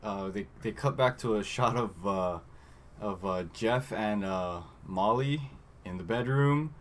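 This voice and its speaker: A man's voice: lowish voice, measured pace, slight background noise. A man co-hosting a podcast, recapping a movie in casual chat and reading from his notes with lots of fillers. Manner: rambling, trails off with fillers, reads from notes. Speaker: podcast co-host.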